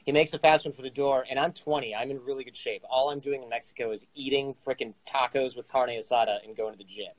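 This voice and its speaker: A man's voice: mid-range voice, fast talker, few pauses, no room sound, low-quality recording. Man telling a story in a dry, close recording. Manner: animated, acts out dialogue. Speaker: guest storyteller. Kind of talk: casual storytelling.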